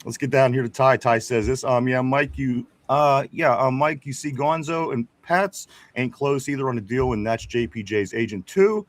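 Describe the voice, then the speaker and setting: A man's voice: medium pitch, normal speed, hardly any pauses, no echo. Chatty man hosting a sports show. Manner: chatty, stumbles and repeats words, chuckles often. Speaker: sports talk show host. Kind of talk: casual sports chat, reading viewer comments.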